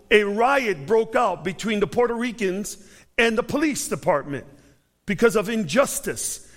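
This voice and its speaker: A man from Chicago preaches as a guest speaker, telling his story in a lively, high-pitched voice. He swings up for emphasis and sinks low for asides and quoted voices. His words ring with the long reverb of a large hall. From Chicago, United States. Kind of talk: storytelling sermon.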